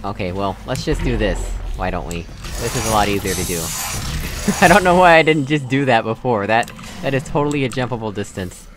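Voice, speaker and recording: Against a noisy background, a fairly low, expressive male voice moves at a fairly quick clip. The young Texan is casually narrating his puzzle game play, wondering aloud, laughing softly, and teasing himself.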